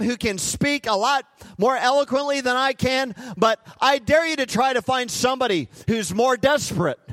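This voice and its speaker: Impassioned high-voiced male preacher. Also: no echo. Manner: impassioned, swings from loud declarations to hushed intimacy. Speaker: guest preacher. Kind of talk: live sermon. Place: church sanctuary.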